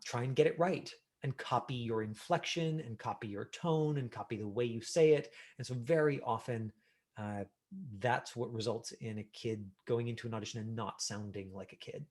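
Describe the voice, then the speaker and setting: A middle-aged man teaching an online acting class over a video call, talking casually with lots of fillers and lively examples. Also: mid-range voice. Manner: casual, animated, many fillers.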